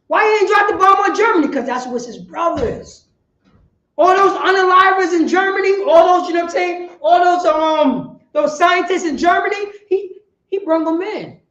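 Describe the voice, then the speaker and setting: Woman street preacher, pretty high voice, lots of why this why that, yells now and then, echoey sound. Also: lively intonation, moderate pace, dull audio. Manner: rhetorical questions, bursts of shouting.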